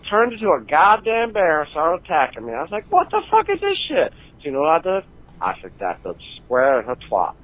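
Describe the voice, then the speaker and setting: Guy doing a crude swearing gamer dude, high swoopy rant, phone-line voicemail sound. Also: wildly swooping pitch, a little fast. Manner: profane, rambling rant. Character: crude foul-mouthed male gamer, brash and exasperated. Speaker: listener calling in.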